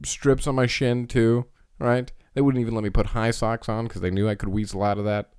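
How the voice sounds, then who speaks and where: A man's voice: mid-range voice, brisk, clear, resonant tone, dry recording, clean studio sound. A man co-hosting a podcast, telling childhood stories in casual chat and acting out the voices of the people in them. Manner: animated storyteller acting out quoted voices. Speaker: podcast co-host.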